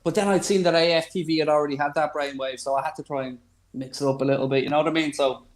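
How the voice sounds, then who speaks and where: A man's voice: fairly high pitch, steady tone, rapid-fire, a little hiss or hum. A man, hosting a casual football podcast with teasing jokes. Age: 40s. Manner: jokey, teasing, steering the chat. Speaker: podcast host. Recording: roomy echo.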